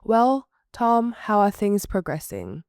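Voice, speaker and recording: A woman's voice: medium pitch, very animated, takes it slowly, clear, resonant tone, no room sound, clean studio sound. Woman reading a gracious transatlantic lady patron. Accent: transatlantic British-American. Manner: polite, warm and effusive. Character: poised gracious woman patron in her late forties. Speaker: student reader. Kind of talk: amateur story reading.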